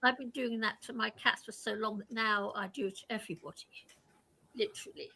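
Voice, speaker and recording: A woman's voice: medium pitch, fairly even intonation, a little fast, gravelly, pushed and bright, a little hiss or hum. An older woman chatting casually in a group discussion, laughing often.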